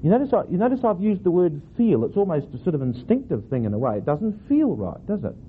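A man's voice: sits high, big pitch swings. Man teaching scripture over a tinny line. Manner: reads verses aloud slowly, then asks the class questions. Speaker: Bible teacher. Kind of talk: teaching scripture reading with varied emphasis. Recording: tinny phone-like recording with faint noise.

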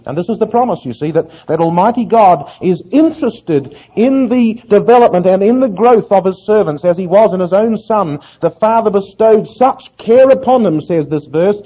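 A man's voice: sits high, lively intonation, moderate pace, few pauses, husky. A man preaching an earnest Bible exposition sermon, putting questions to his listeners and answering them himself. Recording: muffled lo-fi sermon recording.

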